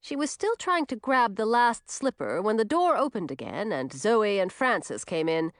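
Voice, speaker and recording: Animated woman reading a storybook. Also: mid-range voice, moderate pace, hardly any pauses, clear, resonant tone, no room sound, clean studio sound. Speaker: narrator. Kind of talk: scripted storybook narration.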